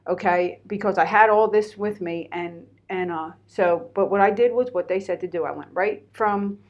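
A woman's voice: medium pitch, normal speed, lo-fi sound. A middle-aged woman from Pennsylvania, a guest telling her own story candidly and animatedly, with lots of fillers. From Pennsylvania, USA. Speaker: interview guest. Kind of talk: personal storytelling in conversation.

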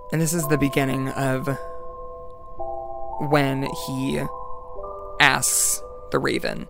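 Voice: mid-range voice, flat delivery, slow, vocal fry, long pauses, over music. A young adult student giving a casual class presentation and reading a poem aloud, chatty and full of "like" and "um".

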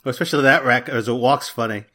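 A man's voice: mid-range voice, quick pace, sharp tone. Co-host type, male, mid voice, wry quips, casual chat.

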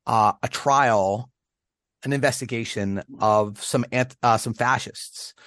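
A man's voice: mid-range voice, takes it slowly, a bit bright, no room sound, studio quality. An American man co-hosting a casual podcast chat, rambling with many restarts and laughs. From United States. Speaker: podcast co-host.

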